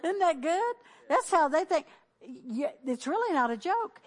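A woman's voice: very high voice, big pitch swings, a little slow. A middle-aged woman pastor preaching, exhorting the congregation with call-and-response and repeated declarations. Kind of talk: sermon.

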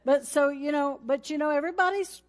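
A woman's voice: sits high, fairly quick. A woman pastor, preaching a folksy sermon with announcements and laughter, ending in a fervent prayer.

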